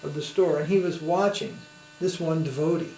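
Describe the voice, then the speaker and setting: A swami's slightly high, darkish voice moves at a moderate pace as he lectures on spirituality. He tells stories casually and uses tag questions to have his listeners follow. The space sounds roomy, and a faint hum is present.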